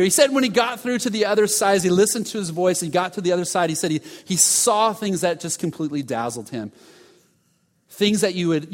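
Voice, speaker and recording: A male pastor delivers his sermon with a slightly higher-than-usual voice. He tells his story with dramatic pauses and sudden hushed moments. The long reverb of a large hall trails behind every phrase.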